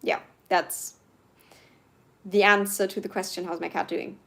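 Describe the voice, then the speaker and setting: A woman's voice: medium pitch, little pitch movement, unhurried, a bit bright. Chatty young woman livestreaming. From Germany. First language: German. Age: 20s. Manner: chatty and earnest, many fillers and restarts. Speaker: livestream host. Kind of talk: live Q&A reading viewer comments.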